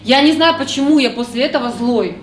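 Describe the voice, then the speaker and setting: Higher-voiced woman trainer, echoey room. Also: a little hiss or hum. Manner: explaining in short bursts, pausing for interpretation. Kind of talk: seminar talk. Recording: echoey room, mic far off.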